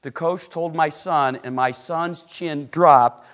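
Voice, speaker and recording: Middle-aged male pastor with a high voice, animated sermon storyteller, loud to hushed. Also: slow. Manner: asks the congregation questions.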